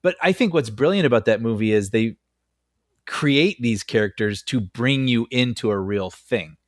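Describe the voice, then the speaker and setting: A man co-hosting a film podcast in casual chat, animated and laughing often as he talks, on a close studio mic. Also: medium pitch, moderate pace, no echo. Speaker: podcast co-host.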